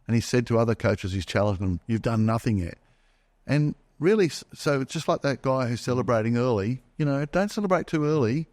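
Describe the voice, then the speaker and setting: A man's voice: mid-range voice, lively intonation, brisk, few pauses, darkish tone, no room sound. A middle-aged man co-hosting a business podcast, making emphatic, punchy points in casual chat. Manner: emphatic, punchy short statements. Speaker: podcast co-host.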